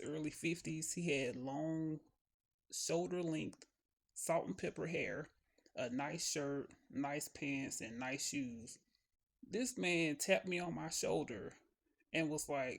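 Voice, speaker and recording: A woman telling a personal story in a casual, animated way, talking straight to her viewers. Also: deep voice. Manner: animated, conversational, often saying "child". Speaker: storyteller vlogger.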